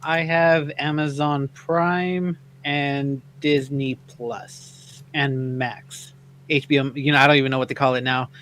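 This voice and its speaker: A man's voice: mid-range voice, flat delivery, measured pace, fairly bright tone, slight background noise. A man co-hosting a talk radio show, chatting casually and answering briefly and a little unsure.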